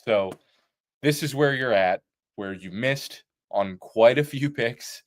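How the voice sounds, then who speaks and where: A man's voice: medium pitch, slow pace. A man co-hosting a football analysis show, talking casually and bluntly, with filler words and rhetorical checks. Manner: casual, profane, lists points with "like" and "right?". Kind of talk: postgame sports analysis.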